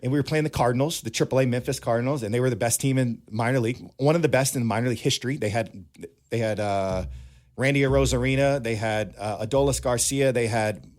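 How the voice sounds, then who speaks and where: A man in his thirties, a former pro ballplayer, telling animated anecdotes in a casual interview. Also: medium pitch, fast. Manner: animated anecdotes, acts out quoted dialogue. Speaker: former pro baseball player, guest.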